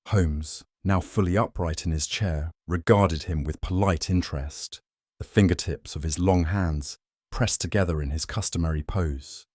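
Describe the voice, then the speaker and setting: A man with a deep, low voice reads a detective story aloud in a measured, even way. The recording is dry and close, with no room sound. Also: no echo. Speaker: narrator. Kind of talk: scripted storybook narration.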